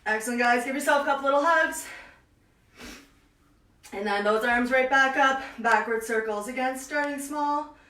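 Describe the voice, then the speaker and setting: A woman's voice: sits high, moderate pace, pauses often, pushed and bright. A young woman leading an online home workout, upbeat as she counts reps and cues each move, out of breath from exercising. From Canada. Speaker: fitness instructor. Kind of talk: live online workout class. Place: small room at home. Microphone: camera at a distance. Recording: echoey room, voice far from mic.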